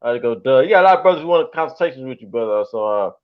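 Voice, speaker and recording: A man hosting a livestream chat, hurried and quick to jump in and steer the talk. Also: mid-range voice, lively intonation. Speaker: host of a livestream show. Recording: dull lo-fi sound.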